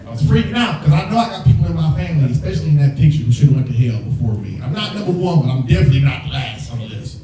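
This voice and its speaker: Young man doing lively stand-up. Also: on the high side, rapid-fire, hardly any pauses. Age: young adult. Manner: animated storytelling, acts out quoted voices. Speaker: stand-up comedian. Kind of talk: stand-up comedy set. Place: stage before a live audience. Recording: roomy hall, distant mic, crowd laughter. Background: audience laughter.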